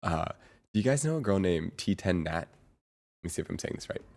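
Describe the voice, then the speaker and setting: A young man streaming from home, chatting casually in a rambling, halting way with lots of ums and laughs. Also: low-pitched, animated, gravelly, darkish tone. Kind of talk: casual chat reading chat.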